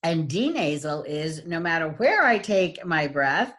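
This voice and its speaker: A woman's voice: sits low, sing-song, measured pace, few pauses, a bit bright. A woman teaching an online lesson on voice qualities, speaking with many ums and exaggerating sounds to demonstrate them. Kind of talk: online lecture with screen share.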